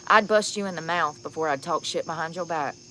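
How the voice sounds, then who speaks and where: A woman's voice: deep voice, brisk, sharp tone, slight background noise. A tired, sunburnt woman vlogging outdoors at night, telling stories bluntly and candidly and laughing often. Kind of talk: casual outdoor storytelling vlog.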